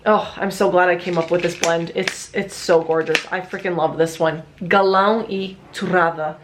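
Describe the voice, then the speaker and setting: A woman's voice: fairly low pitch, fairly even intonation, normal speed, slight background noise. A young woman from Portugal presenting her own products in a casual vlog to camera, gushing and chatty, with fillers, restarts and the odd swear word. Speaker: small business owner presenting her products.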